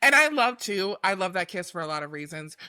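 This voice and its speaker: Lively, bright-voiced woman co-host. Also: fairly quick, no echo, clean studio sound. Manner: animated, laughing, jumps to high pitch acting out quotes. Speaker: podcast co-host. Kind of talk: casual chat.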